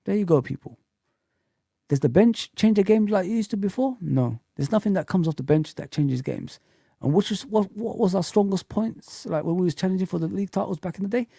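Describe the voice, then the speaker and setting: Gravelly, heated man ranting. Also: sits high, lively intonation, brisk, dry recording. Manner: heated swearing rant, shouts when angry. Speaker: fan channel host. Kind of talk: live chat rant.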